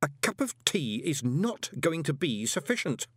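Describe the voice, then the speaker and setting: A man's voice: fairly high pitch, very animated, normal speed, slightly rough, no echo, clean studio sound, pitched above the performer's own voice. A man voicing a theatrical, easily panicked young male conman. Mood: wary. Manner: screaming, theatrical.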